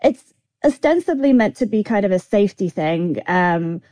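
A woman's voice: medium pitch, expressive, normal speed, mellow, dry recording. Chatty woman guest with a dry sound. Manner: chatty, with many "like" and "kind of" fillers. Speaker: guest screenwriter. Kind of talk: interview answers.

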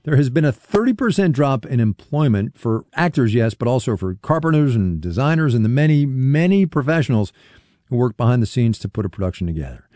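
A man hosting a radio interview, speaking in a measured way with small restarts. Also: mid-range voice, big pitch swings, warm tone, dry recording. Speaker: radio show host. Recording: dry studio sound.

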